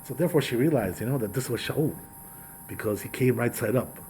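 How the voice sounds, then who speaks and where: A man's voice: mid-range voice, a little fast, slight background noise, low-quality recording. A male rabbi teaching a Torah class, retelling a story in a chatty way with frequent asides to his listeners. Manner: conversational, repetitive asides, animated retelling.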